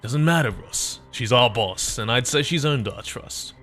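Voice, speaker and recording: A man voicing a steady, loyal male pirate crewman with a put-on pirate growl. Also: medium pitch, a little slow, soft background music. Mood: firm.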